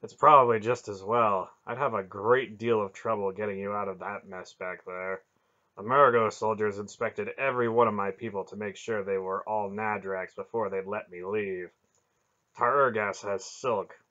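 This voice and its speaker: A man reading an audiobook, voicing a blunt, hoarse male trader loudly and bluntly. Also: fairly low pitch, steady tone, normal speed, dull audio. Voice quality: hoarse, gruff.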